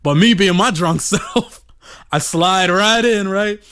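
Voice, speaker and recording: A man's voice: high voice, slow pace, a bit bright, clean tone. A man telling a rambling, profane story on a podcast in a casual way, full of "you know" fillers.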